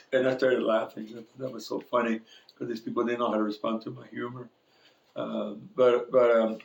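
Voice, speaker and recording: A man preaching a sermon, telling funny stories about himself and chuckling as he goes. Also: medium pitch. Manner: joking, chuckles at his own stories. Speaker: pastor. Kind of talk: sermon with personal anecdotes. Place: church sanctuary. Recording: echoey church room.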